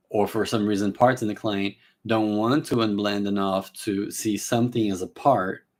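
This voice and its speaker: A man giving a live teaching talk on a therapy method, explaining casually with restarts and acting out short client and therapist exchanges. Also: lowish voice. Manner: casual, many fillers and restarts. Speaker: therapy trainer.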